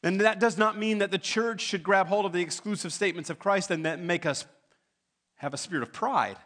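A man's voice: fairly high pitch, fairly bright tone. A man preaching a sermon as pastor, emphatic, building to urgent pleas.

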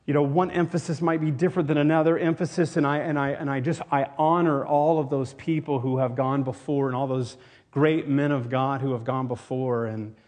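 A man's voice: medium pitch, fairly even intonation, brisk, darkish tone. A man raised in Tennessee, preaching a sermon as pastor, earnest and rambling with many restarts. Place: church.

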